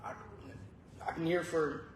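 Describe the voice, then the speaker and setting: A man sharing his recovery testimony at a church group meeting, joking and relaxed, then earnest. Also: on the high side, unhurried. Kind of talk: casual personal testimony. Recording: echoey room with faint noise.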